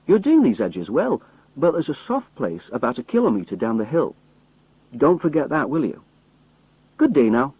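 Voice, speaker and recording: A man voicing a brisk young road inspector giving polite orders, with a husky voice. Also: mid-range voice, sing-song, a little mellow, no room sound, pitched above the performer's own voice, low-quality recording.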